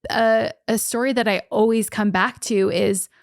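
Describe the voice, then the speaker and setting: A woman's voice: a little high, fairly even intonation, normal speed, creaky, no room sound, clean studio sound. Earnest storytelling woman podcast co-host. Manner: earnest, storytelling, frequent "like" fillers. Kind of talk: casual podcast chat.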